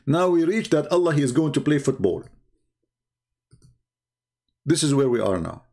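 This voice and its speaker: A man's voice: on the high side, sing-song, moderate pace, mellow. A man hosting a commentary show who mocks a played clip in a sarcastic, repetitive way. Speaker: commentator host. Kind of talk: mocking commentary on a video clip.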